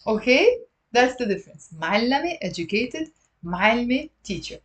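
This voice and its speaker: A woman's voice: on the high side, very animated, measured pace. Lebanese woman, language teacher on a livestream, patient, repeats words, friendly with viewers. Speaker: Arabic teacher. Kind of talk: live online language lesson.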